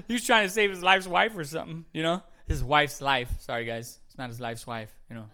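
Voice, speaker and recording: A man preaches in a loose, conversational way, tossing in jokes and catching his own slips. His voice is bright and forward, pitched a little high for a man. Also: steady tone, a little fast. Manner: chatty, jokey, self-correcting, laughs at himself. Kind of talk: casual podcast sermon.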